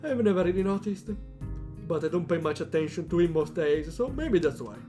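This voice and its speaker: A man voicing a calm, odd teenage girl artist in a dreamy, matter-of-fact way, reading a visual novel aloud. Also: on the high side, a little fast, soft background music, natural voice.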